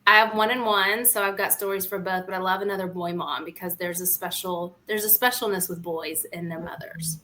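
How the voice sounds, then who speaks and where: She speaks a little fast with hardly any pauses, her low-side voice bright, steady, and forceful, with a little hiss or hum in the recording. A small-town American podcast co-host, she tells playful, frank stories in chatty fashion.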